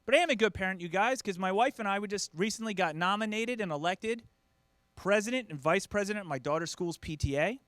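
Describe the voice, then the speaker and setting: Comedian, male, 30s: high-pitched, self-deprecating stand-up, dry close mic. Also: lively intonation, quick pace, fairly bright tone, dry recording. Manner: self-deprecating, acts out quoted voices.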